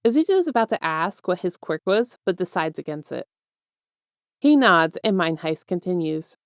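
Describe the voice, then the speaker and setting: Woman podfic narrator, even storytelling delivery, dry close-miked sound. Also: fairly low pitch, moderate pace, no echo. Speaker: podfic reader. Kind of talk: audiobook-style fiction narration.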